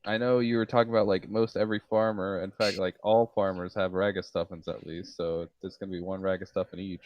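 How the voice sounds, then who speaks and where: An eager man playing a tabletop game, pushing his plans on the group in a bossy way. His voice sits fairly low. It comes through a dull, dry, lo-fi mic. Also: little pitch movement, a little fast, no room sound. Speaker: player.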